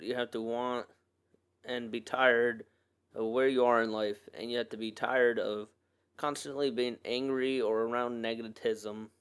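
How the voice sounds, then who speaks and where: Guy talking solo on his podcast, smooth clear voice, kinda rambly and earnest, lots of likes and ums. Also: mid-range voice. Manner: rambling, loose and earnest, with many fillers and restarts. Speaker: podcast host. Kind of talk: casual solo podcast monologue.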